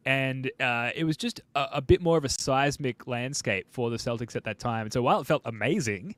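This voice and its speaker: A man in the middle of the pitch range hosts a casual sports podcast, talking animatedly and hedging his points with a self-deprecating touch. The sound is dry and close to the mic. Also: brisk, a bit bright, no echo. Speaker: podcast host.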